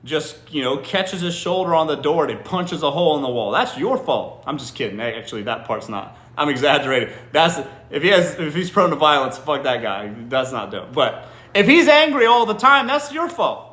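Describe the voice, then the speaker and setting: Bright-voiced man answering comments incredulously. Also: on the high side, sing-song, normal speed, few pauses, echoey room. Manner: incredulous, teasing, repeats "what?" in disbelief; blunt, swears freely. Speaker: livestream host answering viewer comments. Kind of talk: casual live-stream advice chat. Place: indoor room during a live stream.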